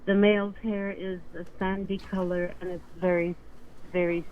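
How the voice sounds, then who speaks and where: A woman caller giving a psychic reading, describing spirits slowly and searching for words. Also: fairly low pitch, level tone, muffled recording, a little hiss or hum. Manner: slow, halting, searching for words. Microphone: call audio.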